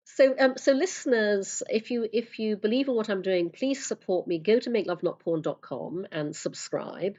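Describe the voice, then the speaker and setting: A woman's voice: mid-range voice, normal speed, hardly any pauses, a little mellow. Blunt, outspoken woman on a lo-fi line. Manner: blunt, emphatic, swears freely. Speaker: podcast guest, coach. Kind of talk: casual interview talk.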